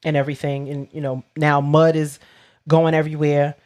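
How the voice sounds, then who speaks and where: A woman's voice: sits low, a little fast. Slangy, storytelling woman podcaster. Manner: animated storytelling with slangy asides and playful swearing. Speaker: podcast co-host. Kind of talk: casual chat recapping a book chapter.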